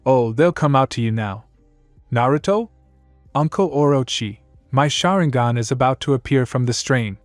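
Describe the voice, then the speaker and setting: A man's voice: medium pitch, animated, normal speed, no room sound. Male narrator, first-person fanfic, wry complaining tone, dry booth sound, faint music bed. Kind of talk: first-person fan fiction reading.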